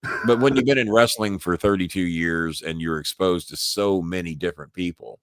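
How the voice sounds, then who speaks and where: An older man with a Southern accent hosts a live podcast, his voice sitting very low. He rambles, restarts words and chuckles often. The sound is dry, with no room echo. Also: brisk, fairly bright tone. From Louisville, Kentucky. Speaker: podcast host. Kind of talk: casual live-stream chat.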